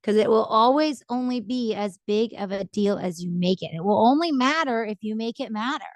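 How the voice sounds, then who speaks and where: A woman's voice: on the high side, fairly quick, no room sound. A middle-aged woman giving casual relationship advice in a rambling, chatty way, often checking in with "right?".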